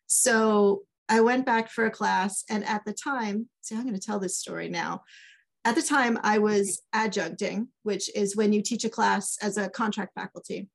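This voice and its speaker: A woman's voice: medium pitch, moderate pace, vocal fry. A middle-aged woman, an author guest, telling stories in a casual chat and acting out the quoted dialogue. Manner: animated, acts out quoted dialogue.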